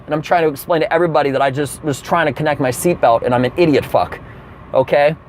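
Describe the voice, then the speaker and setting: A man's voice: fairly high pitch, fast talker, slight background noise. A man telling a comedic rant from his car, acting out the people in his story. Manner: animated storytelling with acted-out quotes.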